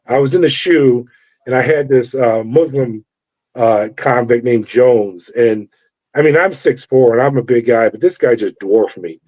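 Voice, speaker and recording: Middle-aged man, former guard, animated yarn-spinner; mellow, slightly raised pitch, lo-fi audio. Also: a little slow. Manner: animated storyteller acting out dialogue. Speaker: former corrections officer. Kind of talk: storytelling interview. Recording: dull lo-fi sound.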